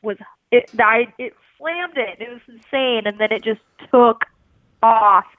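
A woman telling an animated, casual story, full of "like" fillers and swearing freely. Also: a little high, a little slow. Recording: tinny dry phone line.

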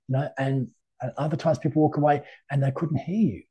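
A man's voice: a little high, fairly even intonation, brisk, warm tone, slightly rough. A middle-aged man, a tarot reader guesting on an interview, talking in a chatty, anecdotal way with many fillers. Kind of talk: casual interview conversation.

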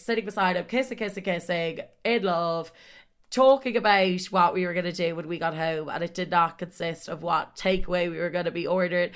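Young woman, chatty storyteller, lively and profane, voice on the low side. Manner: animated, sweary, acts out quotes. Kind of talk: casual storytime chat.

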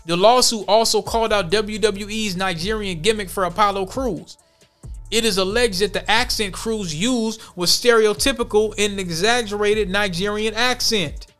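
A man's voice: sits high, normal speed, a bit bright, faint music behind. A man hosting a podcast, reading news stories aloud and commenting on them bluntly with slang. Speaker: podcast host.

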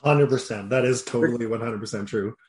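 A man's voice: mid-range voice, a little mellow. Agreeable male podcast host. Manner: agreeable, quick to chime in. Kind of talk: casual interview chat.

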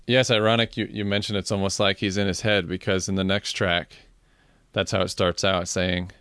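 A man co-hosting a casual album review chat, relaxed and agreeable, asking his partner questions. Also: low voice, fairly quick, smooth, no room sound, studio quality. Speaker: album review podcast co-host.

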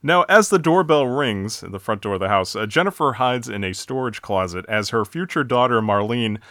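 A man from the United States co-hosting a casual chat, relaxed as he recaps scenes and asks questions. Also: medium pitch, normal speed, no room sound, studio quality. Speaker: podcast co-host. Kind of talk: casual chat and film commentary.

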